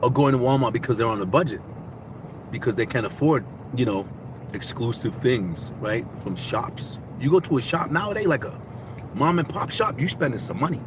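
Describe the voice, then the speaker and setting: A man vlogging casually, giving motivational life advice in animated, repetitive storytelling. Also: medium pitch, moderate pace, background noise.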